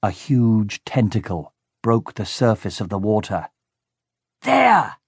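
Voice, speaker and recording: A man narrating a children's audiobook in a lively, expressive way. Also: fairly low pitch, unhurried, slightly rough, no echo, clean studio sound.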